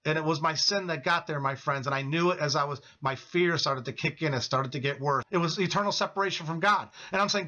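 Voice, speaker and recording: A man's voice: a little high, brisk, few pauses, pushed and bright. A middle-aged man giving an earnest personal testimony to his viewers, emphatic and repetitive, calling them his friends. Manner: emphatic, repeats phrases, addresses viewers as friends.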